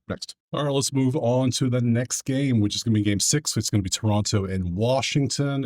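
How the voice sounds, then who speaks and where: A man's voice: lowish voice, a little mellow. A man hosting a casual sports betting breakdown, talking to himself as he clicks through his sheets. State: out of breath.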